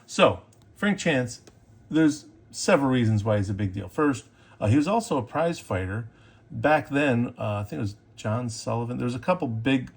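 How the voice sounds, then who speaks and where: A man hosting a casual show-and-tell video about collectible cards, chatty and enthusiastic, with fillers and quick self-corrections. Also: mid-range voice. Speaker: sports card collector and video host.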